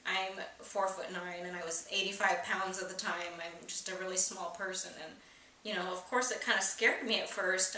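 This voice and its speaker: Young woman vlogging, kinda bright voice, sitting back from the mic in an echoey room. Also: lowish voice. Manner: candid, emotional, rambling with many fillers. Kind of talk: personal storytelling vlog. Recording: echoey room, distant mic, faint hiss.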